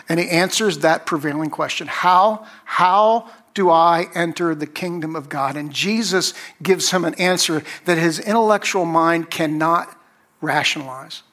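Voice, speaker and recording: Slow, emphatic male pastor. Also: on the high side, fairly bright tone. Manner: slow, emphatic preaching with long pauses. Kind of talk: sermon.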